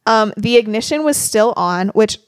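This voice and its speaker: A woman's voice: on the high side, animated, moderate pace, smooth, dry recording. Young female podcast co-host, casual and giggly storyteller, dry close sound. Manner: chatty, lots of fillers, giggly. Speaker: podcast co-host telling a true crime story. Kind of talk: casual chat.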